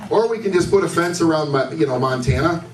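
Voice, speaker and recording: A man's voice: fairly high pitch, animated, fast talker. A man doing a stand-up set at a bar comedy night, with a loose, rambling delivery, often asking the crowd questions. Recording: echoey room, distant mic, faint noise.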